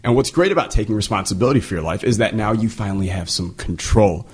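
A man's voice: on the low side, fast, breathy edge. A man co-hosting a podcast in a studio, giving blunt, profane advice in casual chat. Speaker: podcast co-host.

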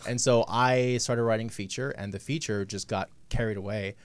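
A man talking about his novel as a guest on a radio talk show, chatty and animated, acting out his own thoughts. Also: fairly low pitch, normal speed, clear, resonant tone, dry recording. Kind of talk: casual talk-show chat. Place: radio studio.

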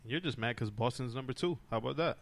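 A man in his forties with a New Jersey accent, co-hosting a loose podcast chat. His voice sits in an ordinary middle pitch, and he talks bluntly and cracks jokes as he trades jabs. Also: fast, gravelly. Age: 40s. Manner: joking, blunt and bantering. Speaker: podcast co-host. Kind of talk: casual chat.

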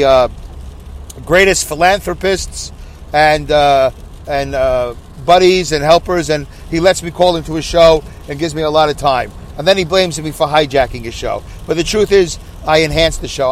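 A man's voice: on the high side, moderate pace. A man hosting a podcast, rambling casually with lots of fillers and self-mocking asides, recorded in his car on a rainy drive. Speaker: podcast host. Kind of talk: casual monologue while driving. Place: inside a car on a rainy highway. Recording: recorded in a moving car, faint road noise. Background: rain and road noise.

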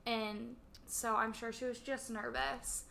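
Young woman gossiping, bright voice a bit high, acts out quotes. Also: slow, creaky. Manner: chatty, quotes people in animated voices. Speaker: co-host. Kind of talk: casual chat.

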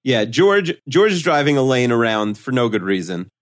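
A man's voice: mid-range voice, big pitch swings, normal speed. A man co-hosting a casual podcast chat, adding dry, wry remarks with "uh" and "you know" fillers. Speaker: podcast co-host.

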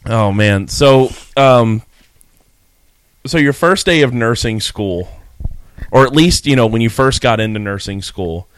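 A man's voice: medium pitch, expressive, a little slow, smooth, no echo. A man hosting a casual podcast chat, rambling and laughing often. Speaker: podcast host.

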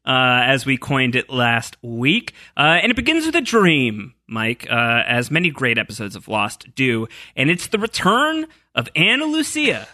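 A man hosting a podcast in casual, animated chat with many fillers. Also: medium pitch, normal speed, few pauses, dry recording, clean studio sound. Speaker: podcast host.

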